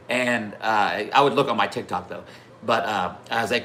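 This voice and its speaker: A man's voice: fairly low pitch, normal speed. A man hosting a livestream, telling casual swearing stories to his chat and greeting viewers by name between them. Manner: animated, swearing, laughing through anecdotes. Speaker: livestream host. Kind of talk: casual storytelling to a live chat.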